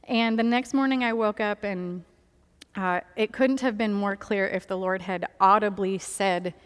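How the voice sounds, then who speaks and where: A woman telling a personal faith testimony, candid and earnest, laughing softly now and then between many fillers. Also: mid-range voice, clear, resonant tone, in a large hall. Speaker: speaker sharing a personal testimony.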